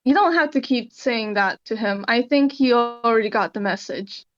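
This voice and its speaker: A woman's voice: normal speed, fairly bright tone, highs cut off, close to an everyday voice. A woman voicing an annoyed ghost toon who bluntly pushes back, in a tabletop role-play. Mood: annoyed exasperated. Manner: exasperated, rambling, pitch rising.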